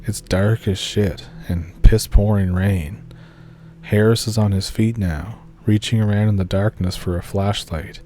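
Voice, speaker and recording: A man reading a scary first-person story aloud in a steady, low-key scripted narration. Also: a little slow, slight background noise.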